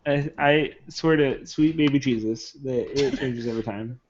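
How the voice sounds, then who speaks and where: A man's voice: medium pitch, normal speed, a little mellow, slight background noise. A man joking around and getting flustered in casual chat before a tabletop game. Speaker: player on a tabletop game podcast. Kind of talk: casual chat among friends. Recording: muffled lo-fi recording.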